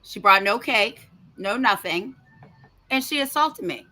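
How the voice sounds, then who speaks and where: A woman in her fifties, a podcast host telling a story in a casual chat, animated, blunt and feisty, swearing freely. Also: medium pitch, unhurried, faint music behind. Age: 50s.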